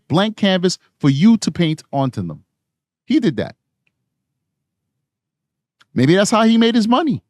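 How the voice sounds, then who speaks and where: A man's voice: on the high side, a little mellow, no room sound, studio quality. A man from New York City giving rambling true crime commentary on a live stream, tired from lack of sleep. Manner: rambling, conversational, frequent restarts.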